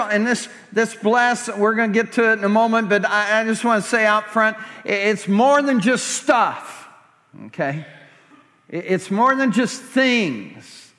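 A high-voiced man preaching in a church, drawing his words out slowly and deliberately. He grows impassioned, pleading in fervent prayer. His voice rings with the long reverb of a large sanctuary. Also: pushed and bright. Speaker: pastor. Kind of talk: sermon.

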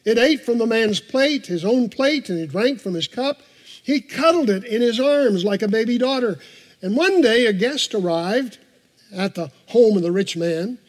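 A man with a high-pitched voice preaches a morning sermon from the pulpit, earnest and emphatic. He repeats his key phrases for weight and breaks off into casual asides to the congregation. His voice carries a long reverb through a large church hall. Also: expressive, normal speed. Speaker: pastor. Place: church sanctuary.

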